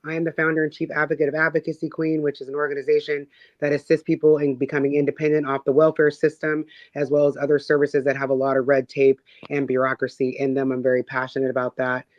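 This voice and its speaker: Woman guest, hoarse and outspoken, dry dull lo-fi sound. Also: low voice, monotone, fast, no room sound. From Seattle, USA. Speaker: guest, advocacy founder. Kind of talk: casual interview chat. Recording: dull lo-fi audio.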